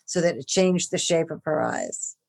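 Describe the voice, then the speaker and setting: Animated lower-voiced woman recounting film work. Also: moderate pace. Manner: animated, rises in pitch when excited. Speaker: film makeup artist, guest. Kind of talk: interview, casual storytelling.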